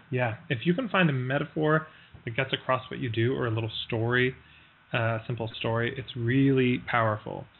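A man with a gravelly, mid-pitched voice tells a parable to his online class, unhurried and halting, full of fillers as he slips into quick voiced quotes. The sound comes through a thin, tinny line like a phone call. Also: steady tone, slight background noise. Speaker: online workshop teacher. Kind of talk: storytelling in a live online lesson.

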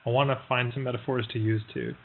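A man with a gravelly, mid-pitched voice tells a parable to his online class, unhurried and halting, full of fillers as he slips into quick voiced quotes. The sound comes through a thin, tinny line like a phone call. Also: fairly even intonation, very noisy. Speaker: online workshop teacher. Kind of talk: storytelling in a live online lesson.

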